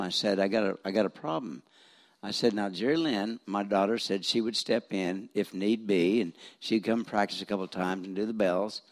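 An older man in his seventies, a retired pastor from Missouri, preaches from the pulpit in a somewhat low voice. He tells homespun stories with self-deprecating jokes, often stumbling and restarting his sentences. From Missouri, USA. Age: 70s. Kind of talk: folksy storytelling sermon. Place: church.

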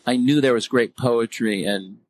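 A man's voice: medium pitch, moderate pace, slight background noise, rough recording. A man being interviewed about his film, speaking with a stutter and lots of "you know" fillers. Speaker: interview guest, filmmaker and writer. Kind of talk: casual interview talk.

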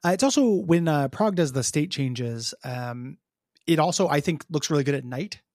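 Man, mid-high voice, dry close mic, casual rambling game podcast co-host. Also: animated, moderate pace, darkish tone, dry recording. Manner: rambling, many ums and restarts. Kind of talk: casual game review chat.

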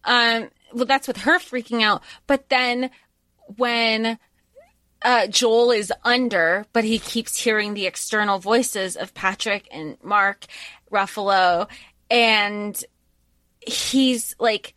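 A woman co-hosting a podcast, talking about a film in a blunt, animated way. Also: on the high side, takes it slowly, no room sound. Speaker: podcast co-host. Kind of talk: casual movie discussion.

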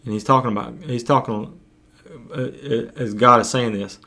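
A man preaching a podcast sermon as pastor, earnest and urging, with his voice going hoarse. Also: medium pitch, steady tone, pushed and bright. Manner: earnest, urging, slow deliberate pauses. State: losing his voice.

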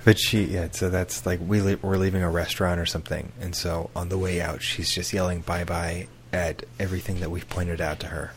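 Deep-voiced easygoing man. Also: flat delivery, a little fast, hardly any pauses, a little hiss or hum. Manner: easygoing, rambling storyteller. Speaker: podcast co-host. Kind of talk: casual chat.

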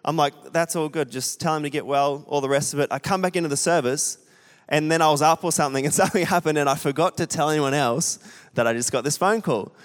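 Young guy pastor, chatty and joking at himself, slightly high smooth voice, big echoey church hall. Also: quick pace. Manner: chatty, self-deprecating, asks the congregation questions. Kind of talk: sermon with a storytelling aside. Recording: long hall reverb.

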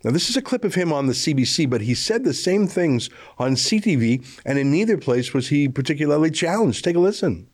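A man's voice: fairly high pitch, big pitch swings, a little fast, hardly any pauses. A man hosting a political commentary show, delivering scripted remarks in a scornful, emphatic way.

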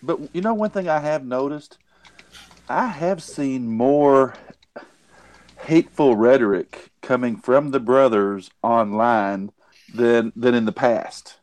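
A man's voice: mid-range voice, slow pace, darkish tone. A man, co-hosting a casual podcast chat, talking in emphatic, ranting bursts and calling people buddy. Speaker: podcast co-host.

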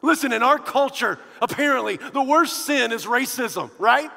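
A man preaching a sermon, animated, shifting from hushed to loud. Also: very high-pitched, moderate pace, gravelly. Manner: animated, swinging from hushed to loud with quoted voices. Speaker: pastor. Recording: long hall reverb.

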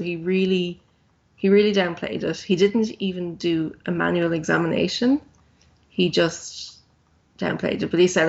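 A woman's voice: fairly low pitch, steady tone, measured pace, creaky, muffled recording. A woman in her thirties, a podcast guest telling her own story in a candid, plain-spoken way with frequent ums.

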